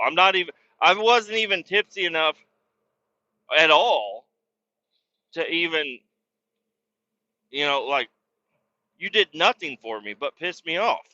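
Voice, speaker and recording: Brief: male podcast host, sharp, piercing voice a bit high, swears constantly, rambling, blunt, dull lo-fi recording. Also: animated, unhurried, pauses often. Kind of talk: casual storytelling.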